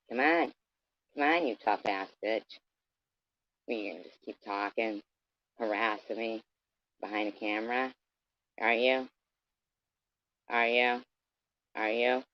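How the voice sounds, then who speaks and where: A man's voice: fairly low pitch, normal speed, pauses often, no echo. A man delivering an aggressive, profane, taunting rant straight at his camera. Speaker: vlogger. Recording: dull lo-fi dry sound.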